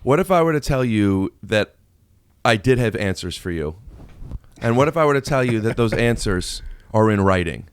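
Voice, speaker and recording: Playful, animated young man hosting. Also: fairly low pitch, normal speed, smooth. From Ohio. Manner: playful, jokey, teasing. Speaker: podcast host. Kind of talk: casual podcast conversation. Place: podcast studio.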